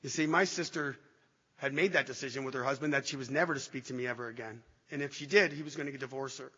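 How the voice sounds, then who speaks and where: A man giving an emotional recovery testimony to an audience, halting and restarting as he speaks. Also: mid-range voice, pushed and bright, breathy edge. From Canada. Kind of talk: personal testimony talk to an audience. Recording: dull echoey hall recording.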